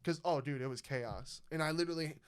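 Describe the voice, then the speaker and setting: A young man hosting a podcast, telling a story in casual chat, animated and profane, acting out the people he quotes. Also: fairly high pitch, fast, clean tone. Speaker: podcast host.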